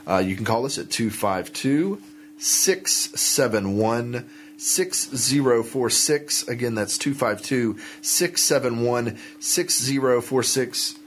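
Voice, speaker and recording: A man's voice: mid-range voice, expressive, slow, a little hiss or hum. A man hosting a casual radio show, joking and rambling with frequent restarts.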